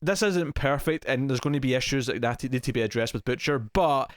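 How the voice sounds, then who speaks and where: A man's voice: medium pitch, fairly quick, clear, resonant tone, dry recording, clean studio sound. Chatty man co-hosting a TV review. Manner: chatty, lots of fillers, laughs easily. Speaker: TV review podcast co-host. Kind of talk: casual chat.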